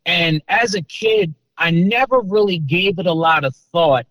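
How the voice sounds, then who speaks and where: Young guy answering interview questions, a bit higher voice, earnest, dry sound. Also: measured pace, a bit bright, dry recording, rough recording. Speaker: interview guest, son.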